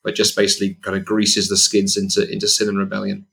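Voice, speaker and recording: A man's voice: fairly low pitch, completely flat delivery, quick pace, vocal fry, a bit bright. A man speaking as a podcast guest, earnest and emphatic, often restarting his sentences. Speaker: guest, evangelist. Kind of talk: conversational podcast discussion.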